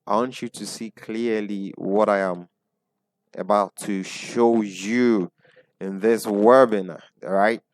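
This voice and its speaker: A man's voice: lowish voice, fairly even intonation, slow, no room sound. A man with a Ghanaian accent teaching an online webinar as a business coach, repeating his points and asking the audience questions. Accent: Ghanaian English. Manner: repeats points, asks the audience, frequent "right?" tags.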